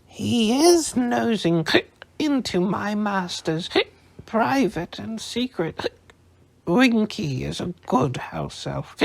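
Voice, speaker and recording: Winky, a tipsy female house-elf from a storybook, squeaks far above the reader's own range and slurs her words with coughs, as a man puts her on. She whimpers and bristles, swinging her pitch all over the place. The voice is a little husky. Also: expressive, very slow, darkish tone, heavily acted. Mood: indignant. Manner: whimpering, indignant. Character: drunk sobbing female house-elf, loyal, stubborn.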